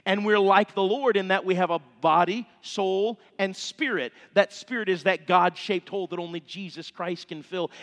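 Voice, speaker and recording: A middle-aged male pastor, preaching a sermon with fervent, impassioned appeals in a church sanctuary. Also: high voice. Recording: long reverb of a church hall.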